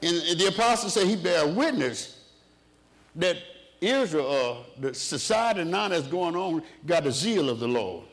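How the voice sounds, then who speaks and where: A man preaching to his congregation. His voice sits a little high and rises and falls freely. He delivers it in rhythmic waves and tosses questions to the room. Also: sing-song, measured pace. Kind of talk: sermon.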